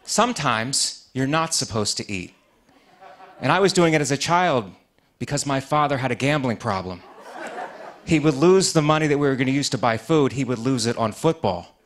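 A man doing a stand-up comedy set with deadpan punchlines in a TV studio. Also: medium pitch, normal speed.

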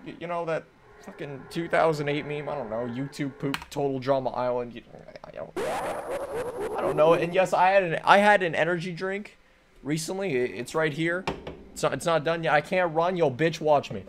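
A young man doing let's play commentary, hyper and rambling, joking around and breaking into sudden loud outbursts. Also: a little high, a little fast, background noise. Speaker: gaming commentator. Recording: faint game music behind.

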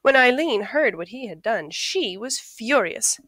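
A woman's voice: on the high side, unhurried, no echo. Woman reading a picture book aloud. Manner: friendly, expressive storytelling. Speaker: storybook reader.

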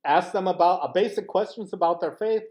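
Brisk and high-pitched, slightly mellow, a U.S. pastor teaches a Bible study class. His style is conversational, with rhetorical questions and little acted-out exchanges.

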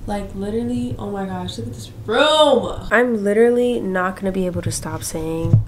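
A young woman vlogging casually from a hotel room, gushing and excitable, sometimes dropping to a whisper. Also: medium pitch, moderate pace, hardly any pauses, roomy sound, recorded from a distance, noisy background. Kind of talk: casual vlog chat.

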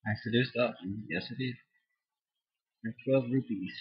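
A man's voice: medium pitch, measured pace, slightly rough. A young man casually commenting on an online board game, goofy and giggly, breaking into silly made-up songs. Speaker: gameplay commentator. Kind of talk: casual let's-play commentary. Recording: dull lo-fi home recording.

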